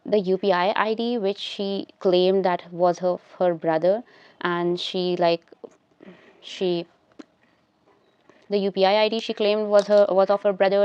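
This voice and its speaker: A woman's voice: medium pitch, steady tone, unhurried, clean tone, no echo. A young woman tells a casual storytime at home, rambling and restarting her sentences as she does her makeup. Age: young adult. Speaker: vlogger telling a story. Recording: slightly dull, lo-fi sound.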